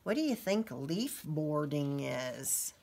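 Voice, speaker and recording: Slow, expressive woman reading aloud. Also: low-pitched, creaky. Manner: expressive, asks the listeners questions. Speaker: teacher. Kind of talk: picture-book read-aloud for children.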